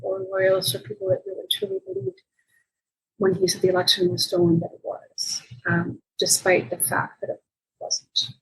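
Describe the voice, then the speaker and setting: A journalist being interviewed, telling a story in a conversational way and acting out the quoted dialogue with sudden jumps in pitch. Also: female voice, very animated, normal speed, vocal fry, fairly bright tone, poor audio. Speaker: journalist guest.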